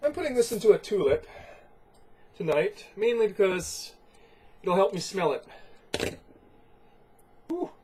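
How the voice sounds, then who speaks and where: A congested man hosting a casual beer review at home, rambling and halting with lots of fillers. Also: high-pitched, sing-song, a little mellow, slight background noise, low-quality recording.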